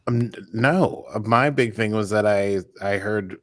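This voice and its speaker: A man co-hosting a casual recap podcast, playful and quick to laugh, with mock news-anchor asides. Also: lowish voice, no echo, studio quality. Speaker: podcast co-host.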